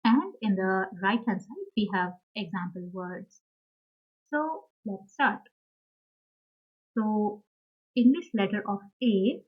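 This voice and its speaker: Slow, careful woman teaching basics. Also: mid-range voice, lo-fi sound. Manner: slow and careful, repeats each word, fillers and small self-corrections. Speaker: language teacher. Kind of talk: slow beginner language lesson.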